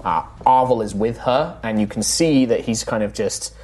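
A man narrating as game master of a tabletop game, loose and halting, with many fillers. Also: mid-range voice, a little mellow.

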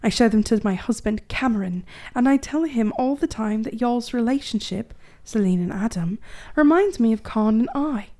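A woman's voice: a little high, animated, moderate pace, mellow, close to an everyday voice. A woman putting on an English accent for a letter. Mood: playful. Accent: put-on English. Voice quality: playful, self-conscious accent attempt. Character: adult woman listener reading her letter in a put-on English accent.

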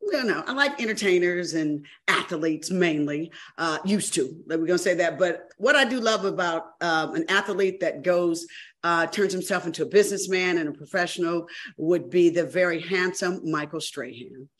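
A woman's voice: lowish voice, normal speed, fairly bright tone. A woman co-hosting a talk show, gushing in casual chat and trailing off into fillers.

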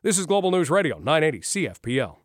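A man hosts a talk radio show in a brisk, conversational manner, speaking straight to his listeners. His voice sits a little high for a man. The studio recording is dry and close, with no room echo. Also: very animated. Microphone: studio microphone.

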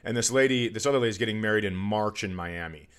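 A man hosting a podcast, telling a crude, animated story about a rough comedy show and mocking hecklers in put-on voices. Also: on the low side, fast talker. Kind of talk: casual storytelling chat.

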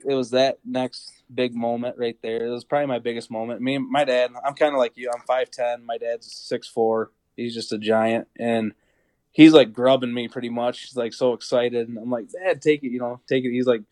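A man's voice: medium pitch, flat delivery, moderate pace, darkish tone, no room sound, rough recording. A young man, a podcast guest, telling a hunting story in a rambling casual way, full of fillers and acted-out quotes. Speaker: podcast guest, deer hunter.

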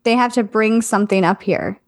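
A woman in casual chat, relaying what she senses as a psychic medium. Her voice sits at a middle pitch, and she talks in a hesitant, musing way, trailing off and filling gaps with ums. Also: fairly quick. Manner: hesitant and musing, full of fillers.

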